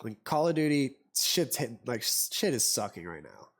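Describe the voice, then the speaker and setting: A man's voice: medium pitch, big pitch swings, normal speed, fairly bright tone, slightly rough. A man hosting a podcast, talking in a loose, rambling way with lots of fillers, restarts and some swearing. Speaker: podcast host. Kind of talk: casual chat.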